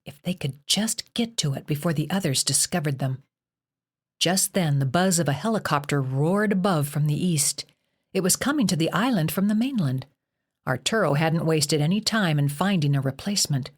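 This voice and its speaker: A woman reading a horror novel aloud as an audiobook narrator, measured and expressive. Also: low-pitched. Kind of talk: scripted narration.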